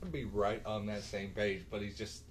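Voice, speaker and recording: A man's voice: on the low side, fairly even intonation, normal speed. A young man co-hosting a casual movie review chat, blunt and joking. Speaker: podcast co-host.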